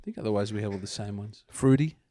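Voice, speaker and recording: A man's voice: lowish voice, fast, warm tone, dry recording. A man with an Australian accent, riffing provocatively in a casual comedic podcast chat as a guest.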